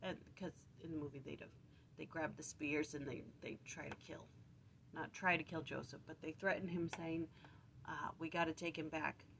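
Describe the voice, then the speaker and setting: A woman's voice: sits low, steady tone, normal speed, vocal fry, a bit bright, a little hiss or hum. Chatty woman retelling scripture casually. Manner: chatty, self-correcting, acts out quotes playfully. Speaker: scripture study vlogger.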